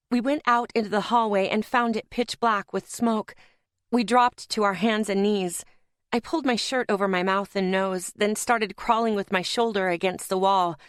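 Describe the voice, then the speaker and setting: A woman's voice: mid-range voice, fairly even intonation, moderate pace, clean tone, no room sound. Tense woman audiobook narrator, dry sound. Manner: tense, dramatic storytelling. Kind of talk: first-person audiobook narration.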